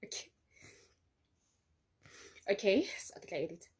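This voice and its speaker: A woman making a formal, halting application pitch that is full of fillers. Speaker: prankster daughter, applicant.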